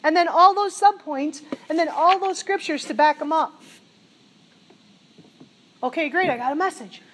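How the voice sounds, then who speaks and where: A middle-aged woman preaching a sermon, telling a story with lively, laughing energy. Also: high-pitched, moderate pace. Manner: animated storytelling, laughing as she recounts a vision.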